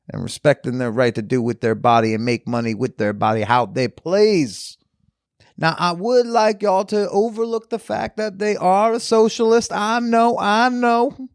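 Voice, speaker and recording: Man doing a Southern lawyer, pompous, speechifying, high declamatory voice, dry sound. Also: no echo. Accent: put-on American Southern. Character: grandstanding Southern male lawyer, pompous orator. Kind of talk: improvised comedy bit.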